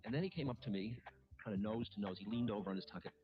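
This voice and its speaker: A man who is a spiritual teacher tells a personal story in a halting, candid, self-mocking way, with many restarts. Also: on the low side. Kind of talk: reflective storytelling talk. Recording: muffled archive recording with music. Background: music playing underneath.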